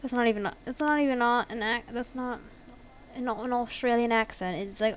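Playing a computer game at home, a woman gaming video creator offers chatty, giggly, self-deprecating commentary. Her voice is on the high side and her pace is moderate.

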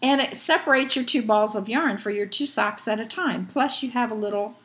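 A woman's voice: mid-range voice, fairly bright tone. A woman chatting casually on her knitting vlog, rambling with many fillers and restarts as she shows her projects at home. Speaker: knitting vlogger. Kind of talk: casual chat.

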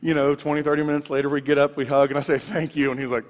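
A man's voice: on the high side, very fast. Man preaching in a reverberant hall. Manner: personal storytelling, animated, many restarts. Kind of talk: sermon. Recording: long reverb of a large room.

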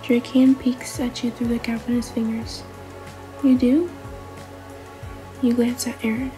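A woman narrates a second-person adventure in a whispered role-play, her voice soft, mellow and slightly high. Faint music plays underneath throughout. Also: flat delivery, normal speed, poor audio. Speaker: storyteller.

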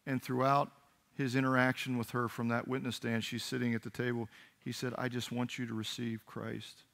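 A man pastor delivering a sermon, telling a story earnestly with halting restarts. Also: mid-range voice, little pitch movement, creaky, a bit bright. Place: church sanctuary.

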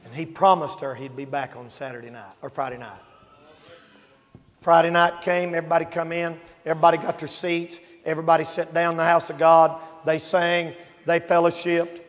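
A man preaches a revival sermon in a high, ringing voice. He shouts his warnings, then drops to a hushed tone to tell his stories. The sound carries a long reverb, like a large church hall. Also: level tone, fairly quick. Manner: swings from shouting to hushed storytelling.

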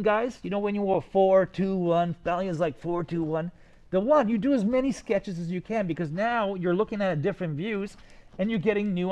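An excited man teaches a design class, talking his students through their sketches. His voice sits a bit high. He keeps checking in with them, asking whether they get it. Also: dull audio. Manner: enthusiastic, talks to students directly with many "right?" checks.

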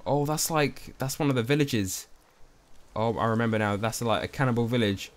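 A young man narrates his game in a jumpy, excitable way. He is easily spooked and keeps turning to chat with his viewers. His voice sits at an ordinary middle pitch for a man. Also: moderate pace. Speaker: gaming YouTuber. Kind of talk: let's play commentary.

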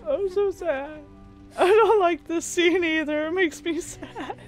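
Slow, high-voiced sentimental gamer woman. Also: faint music behind. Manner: sentimental, reads game prompts aloud. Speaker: gaming YouTuber. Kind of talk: let's-play commentary.

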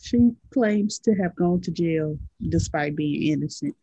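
A woman's voice: deep voice, dark tone, breathy edge, no room sound, low-quality recording. A young adult woman co-hosting a casual podcast, reading celebrity headlines with sassy, drawling remarks. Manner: sassy, drawling, quick to laugh. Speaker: podcast co-host.

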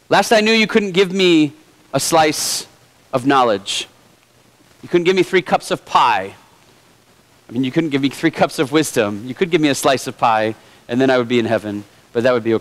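A man's voice: on the high side, rough recording. A male pastor preaching a sermon in a conversational way with light humor. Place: church.

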